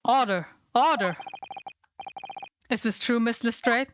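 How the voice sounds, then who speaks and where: A woman's voice: a little high, slow pace, background noise. A woman voicing a stern older male judge who speaks in formal, commanding court language over game music.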